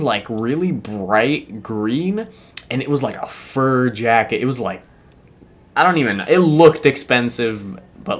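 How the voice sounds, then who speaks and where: A young man spins a story from his school days in loose, casual talk. He is animated and slangy, swears freely and fills his sentences with "like" and "bro.". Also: mid-range voice. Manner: animated, slangy and profane, with many fillers.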